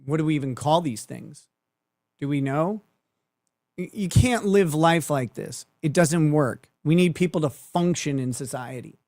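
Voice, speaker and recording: A man's voice: fairly high pitch, measured pace, a little mellow, no echo, clean studio sound. A man hosting a commentary show, talking in a sarcastic, profane way and laughing often. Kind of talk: mocking online commentary.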